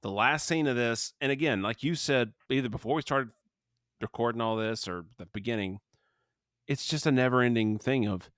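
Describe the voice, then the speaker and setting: A man's voice: medium pitch, normal speed, fairly bright tone, no room sound, clean studio sound. A man co-hosting a podcast, chatting casually about a movie, rambling and restarting his sentences, with the hiccups. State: has the hiccups. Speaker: podcast co-host. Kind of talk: casual movie review chat.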